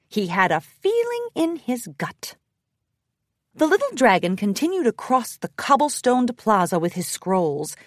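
A woman narrating a children's storybook in an expressive, sing-song reading style. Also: mid-range voice, no echo, clean studio sound. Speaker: audiobook narrator. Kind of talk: storybook read-aloud.

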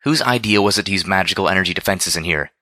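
A man's voice: sits low, quick pace, no room sound. A man reading a storybook voices a brash, blunt female pegasus pony who barks clipped orders. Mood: exasperated. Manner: shouted, clipped commands.

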